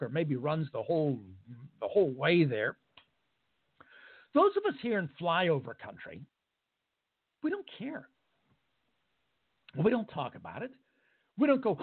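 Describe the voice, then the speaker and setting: An American radio talk show host delivers an opinion monologue from a radio studio in a high-pitched, animated voice. He's emphatic and sarcastic, and the recording sounds narrow-band, like a phone line.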